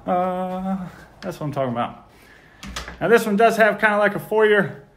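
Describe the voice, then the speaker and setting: An American man with a slightly higher voice than most, gushing about each room as he walks through a model home. His delivery is casual and upbeat, like a friendly vlogger filming as he goes. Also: animated, brisk, a bit bright, a little hiss or hum. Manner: enthusiastic, gushing. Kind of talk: casual walkthrough narration.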